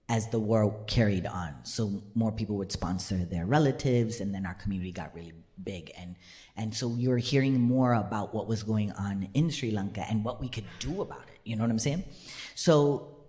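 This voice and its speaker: A man's voice: on the low side, darkish tone. A man performing storytelling stand-up comedy on stage, acting out quoted voices and laughing often. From United States.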